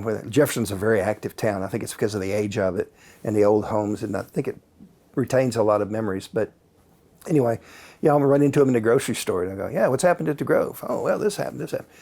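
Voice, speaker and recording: A man, a guest author and paranormal researcher, telling stories in a calm, casual way with many fillers. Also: fairly low pitch. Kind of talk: relaxed anecdotal storytelling.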